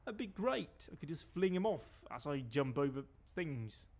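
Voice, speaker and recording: Streaming a game, a British-accented man provides loose, talkative running commentary laced with dry wit. His voice is somewhat high for a man, with a darkish tone, big pitch swings, and a moderate pace.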